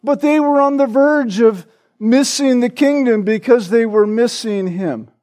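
Very high-voiced male pastor preaching. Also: measured pace, a little mellow. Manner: peppers points with "right?" tag questions; emphatic preaching, stressing repeated words. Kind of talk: sermon.

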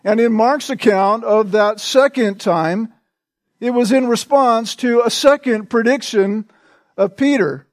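A male pastor preaching a sermon in a slow, deliberate way, repeating short phrases for emphasis. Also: very high voice, no room sound.

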